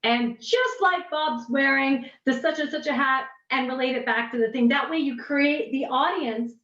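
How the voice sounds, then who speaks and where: A woman coaching on pitching during a video call workshop, animated and gushing, often restarting her sentences. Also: moderate pace. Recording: dull, roomy, distant video call audio.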